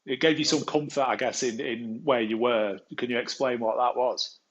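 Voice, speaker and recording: Guy hosting a podcast, asks soft probing questions, kinda dull lo-fi audio. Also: mid-range voice, steady tone, normal speed, a little hiss or hum. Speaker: podcast host. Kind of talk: interview questions. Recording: dull lo-fi sound.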